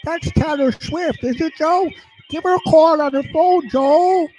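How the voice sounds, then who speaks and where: A man putting on a high, slow, mocking falsetto, faking a young female celebrity. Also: a little mellow, no room sound, muffled recording. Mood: teasing.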